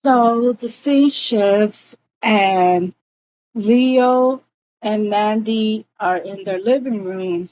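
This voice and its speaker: A woman's voice: medium pitch, extremely slow, darkish tone, dull audio. A woman casually retelling a TV episode scene by scene, leaning on "and he was like" to carry the story. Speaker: show recap vlogger.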